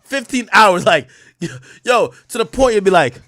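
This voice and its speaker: A man hosting a livestream, ranting in profane, animated commentary that swings from loud outbursts to low muttering. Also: a little slow, dry recording, clean studio sound. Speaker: livestream host.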